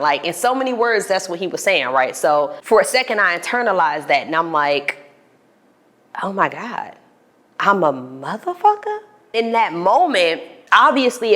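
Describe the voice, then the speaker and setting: A young adult woman, telling a personal story to camera in an animated way and acting out the voices of the people in it. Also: lowish voice. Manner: animated, acts out voices in retold dialogue. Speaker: vlogger. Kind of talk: storytelling monologue.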